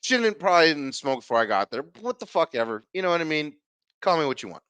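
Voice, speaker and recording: A man hosts his own podcast, telling a personal story with plenty of swearing and acted-out dialogue. His pitch swings widely as he gets into it, and the recording is close and dry with no room sound. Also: fast talker, clear, resonant tone, no room sound. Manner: animated, profane, acts out the dialogue. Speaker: podcast host. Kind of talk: casual storytelling.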